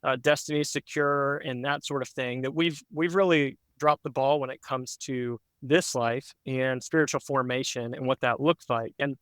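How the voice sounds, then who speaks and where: Male pastor, podcast guest, mid pitch, smooth tone; earnest reflective storytelling with fillers. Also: fairly even intonation, moderate pace, few pauses, fairly bright tone, dry recording.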